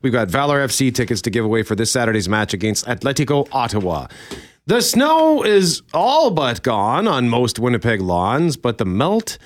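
A man's voice: mid-range voice, normal speed, no room sound. A man hosting a morning radio show, upbeat and announcing the call-in line. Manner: upbeat, reads phone number, lively intonation.

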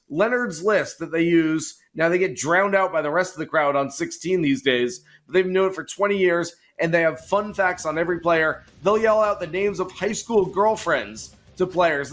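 A male golf analyst on as a guest, speaking with confidence and firm opinions. His voice sits slightly higher than usual for a man. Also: a bit bright, a little hiss or hum. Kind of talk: casual interview.

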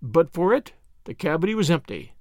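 A man narrating a detective story as an audiobook, measured and expressive. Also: fairly high pitch, dry recording, studio quality.

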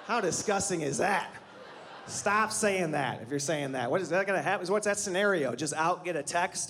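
A man's voice: high voice, expressive, a little fast, a bit bright. A man in his thirties doing a stand-up set before a live audience, sarcastic and teasing the crowd. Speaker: stand-up comedian. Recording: live show with clear crowd noise.

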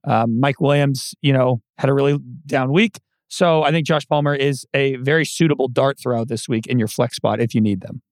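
A man's voice: mid-range voice, moderate pace, few pauses, no room sound, studio quality. A man co-hosting a fantasy football podcast, speaking confidently and playfully. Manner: confident, playful, gives nicknames. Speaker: podcast co-host. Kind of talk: casual sports podcast chat.

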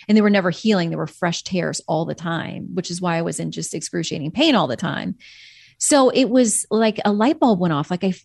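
Earnest, reflective woman guest; lowish pitch, dry close sound. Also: animated, a little fast, gravelly, darkish tone, no room sound. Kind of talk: personal faith testimony in an interview.

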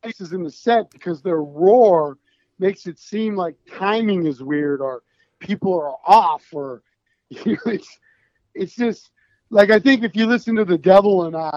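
A man's voice: high voice, animated, a little slow, a little mellow, no echo, highs cut off. A man being interviewed as a band founder, talking in a rambling, emphatic way with plenty of swearing. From United States. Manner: rambling, emphatic and profane, with restarts. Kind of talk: casual podcast interview.

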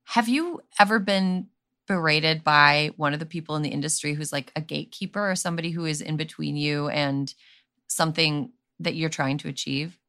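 A woman podcast host with a bright, clear voice. She keeps the talk casual and playful and laughs easily while telling stories. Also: low voice, normal speed. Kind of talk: casual chat.

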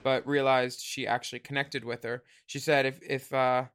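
A man's voice: medium pitch, level tone, moderate pace, a bit bright, smooth. A man co-hosting a podcast, recapping a reality show in campy, chatty talk and laughing often. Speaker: podcast co-host.

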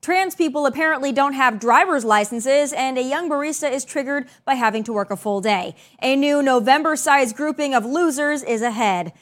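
A woman's voice: high-pitched, normal speed, few pauses. A woman hosting an opinion show, delivering sarcastic, emphatic commentary from a studio. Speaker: host.

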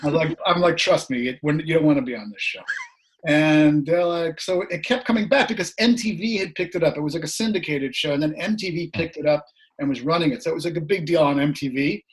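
Speaking fast in a slightly rough, somewhat high voice, a middle-aged man who is a guest musician recounts a story during casual chat. He laughs often and acts out the voices of those he quotes.

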